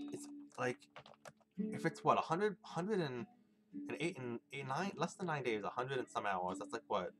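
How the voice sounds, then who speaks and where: Chatty male streamer over game music. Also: mid-range voice. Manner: chatty, rambling, swears casually, answers chat. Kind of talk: casual gaming stream chat.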